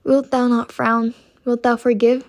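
A remorseful woman pleads with her lover in archaic, earnest phrases, as a female reader voices her. Her voice sits fairly high and stays close to the narrator's own. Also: flat delivery, unhurried. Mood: desperate.

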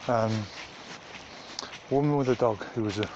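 A man vlogging casually while walking dogs on a muddy country path, chatting to the camera between loud calls to his dogs. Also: on the low side, moderate pace. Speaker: dog walker. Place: outdoors on a muddy rural path. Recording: muffled outdoor recording with background noise.

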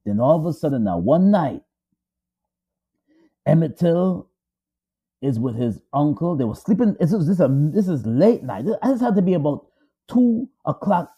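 A man's voice: a little high, warm tone, slightly rough. A man dramatically retelling a story, emphatic and repetitive, building suspense. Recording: dull lo-fi audio.

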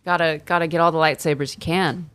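A woman's voice: low-pitched, steady tone, fast talker. A woman co-hosting a podcast in casual chat who teases, swears and laughs a lot. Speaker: podcast co-host.

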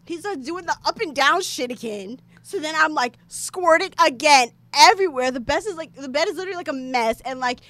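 A young woman from the United States talks in a high, bright, forceful voice. She tells her story in loose, animated chat with many filler words. At times she bursts into loud shouting. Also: a little fast, few pauses, no echo. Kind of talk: casual chat, explicit storytelling.

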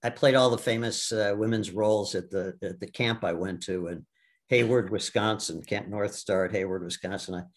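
A man in his seventies from the US Midwest, telling his life story as a guest in a casual interview, halting with many restarts and fillers. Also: lowish voice. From Milwaukee, US Midwest. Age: 70s. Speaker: guest, stage actor.

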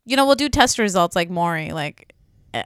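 A woman's voice: on the low side, expressive, moderate pace, clear, resonant tone, no echo, clean studio sound. A woman co-hosting a podcast, chatting casually in a slangy way and laughing easily. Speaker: podcast co-host. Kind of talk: casual chat.

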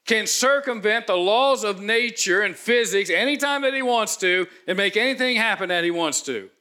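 A man preaching a sermon, dramatic and animated, acting out scripture scenes with emphatic pauses. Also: sits high. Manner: dramatic, voices the angel with thunderous emphasis. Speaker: pastor.

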